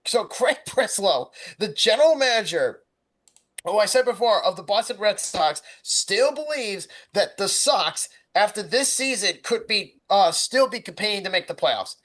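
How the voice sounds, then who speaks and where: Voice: medium pitch, animated, normal speed, fairly bright tone, rough recording. A podcast co-host ranting about baseball in casual sports talk, swearing heavily.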